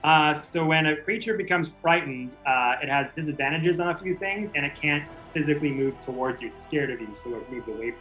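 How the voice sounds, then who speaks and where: A man's voice: a little high, quick pace, few pauses, bright, forceful tone, soft background music, low-quality recording. A man running a tabletop game as game master, explaining rules and describing the action in a loose, casual way. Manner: casual, laid-back rules talk with swearing.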